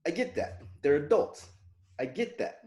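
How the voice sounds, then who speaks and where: A man's voice: a little high, moderate pace. A man in his forties, a podcast co-host telling a story in casual chat, laughing often and acting out what people said. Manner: animated, laughing, acts out quoted dialogue. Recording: echoey room.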